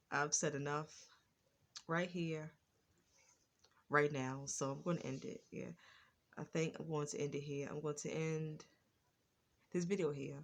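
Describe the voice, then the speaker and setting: Low-voiced woman who stutters and repeats herself. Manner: stutters, repeats phrases, restarts often; earnest, preachy repetition. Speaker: vlogger. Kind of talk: personal talk to camera.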